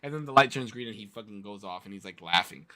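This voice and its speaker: A man's voice: lowish voice, quick pace. A man hosting a podcast, telling a story in casual, profane chat. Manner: profane, animated retelling. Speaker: podcast host.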